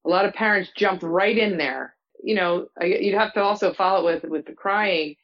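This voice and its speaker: A woman guest and co-author explaining parenting ideas in a measured way on a podcast. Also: medium pitch, lo-fi sound. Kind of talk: podcast discussion.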